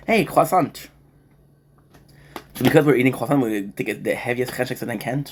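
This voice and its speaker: A man talks through a casual eating vlog at an ordinary pitch. He rambles from joke to joke and keeps tripping over his words and restarting. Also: normal speed, long pauses, slightly rough. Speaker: food vlogger.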